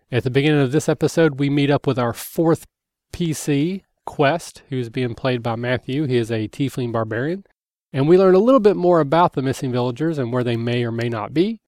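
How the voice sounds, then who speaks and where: A man hosting a tabletop game podcast, giving a measured scripted introduction. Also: mid-range voice, darkish tone, no room sound, clean studio sound. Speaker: podcast host.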